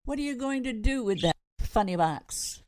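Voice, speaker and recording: A woman's voice: fairly high pitch, lively intonation, normal speed, a little mellow, no echo, pitched above the performer's own voice, natural voice. A woman voicing a hearty, joking father who teases his wife and son. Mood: teasing. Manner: jovial, teasing.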